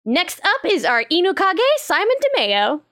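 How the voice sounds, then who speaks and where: A woman's voice: high voice, big pitch swings, normal speed, fairly bright tone. A woman hosting a casual podcast, introducing friends with playful teasing. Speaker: podcast host.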